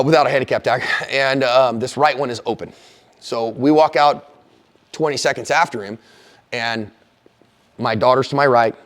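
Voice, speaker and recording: A middle-aged man teaching a self-defense class, telling stories and acting out the lines of the people in them. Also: mid-range voice. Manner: animated storyteller, acting out quoted lines loudly.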